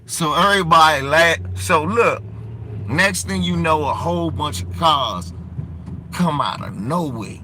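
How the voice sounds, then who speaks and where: Bright-voiced D.C. man telling a story. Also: a little high, a little slow, slight background noise. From Washington, D.C. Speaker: podcast guest. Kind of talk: animated storytelling.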